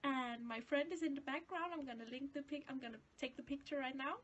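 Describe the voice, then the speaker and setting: A woman's voice: sits high, brisk, a bit bright. A teenage girl from Denmark, speaking English as a second language, chatting and rambling as she tells a self-deprecating story on her video channel. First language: Danish. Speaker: vlogger. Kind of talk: casual storytelling to camera.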